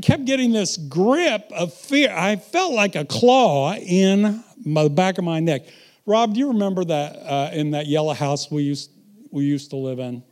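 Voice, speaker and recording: A middle-aged man with a high voice preaches a sermon, weaving in stories and moving from quiet asides to loud, emphatic bursts.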